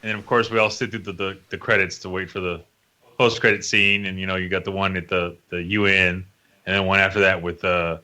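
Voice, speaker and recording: A man in casual podcast chat who jokes and acts out other people's reactions in high voices. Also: flat delivery, fairly quick, pushed and bright. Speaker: podcast guest.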